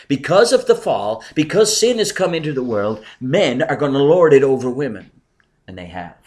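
A middle-aged pastor preaching earnestly to a congregation, pressing his points with emphasis, then dropping to quieter asides. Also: on the low side. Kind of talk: sermon with congregation replies.

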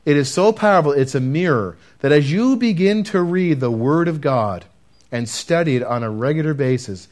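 A man preaching a sermon and telling his testimony earnestly, talking straight to the congregation and dropping to a hush at key moments. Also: fairly high pitch, expressive, moderate pace. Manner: earnest, addresses listeners directly, swings from loud to hushed.

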